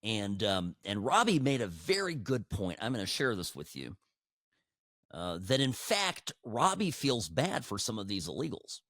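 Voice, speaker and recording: A man hosting a political commentary podcast, talking in an animated, sarcastic way with frequent restarts, into a studio microphone. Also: mid-range voice, moderate pace, no echo. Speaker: podcast host.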